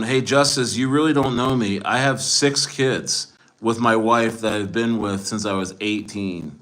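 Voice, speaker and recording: A man's voice: fairly low pitch, unhurried, fairly bright tone. A man in his forties hosting a livestream, chatting boastfully with viewers in a rambling way full of restarts. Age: 40s.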